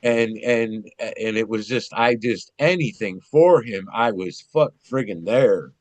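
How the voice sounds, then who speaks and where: A man telling personal stories in a casual conversation, rambling and animated, with frequent restarts and some swearing. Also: fairly low pitch, slow, no room sound. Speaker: guest.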